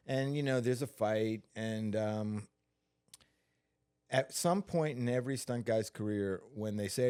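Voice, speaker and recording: Man, stuntman guest, low voice, unhurried storyteller, lots of fillers. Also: mellow, smooth. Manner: unhurried, with many fillers and restarts. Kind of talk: relaxed storytelling interview.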